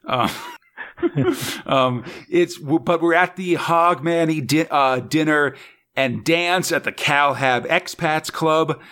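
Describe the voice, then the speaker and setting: A man's voice: a little high, slow pace, bright, forceful tone. Rambling, chuckling man chatting casually. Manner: rambling, hesitant, with many fillers and chuckles. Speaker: podcast host. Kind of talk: casual comic book podcast chat.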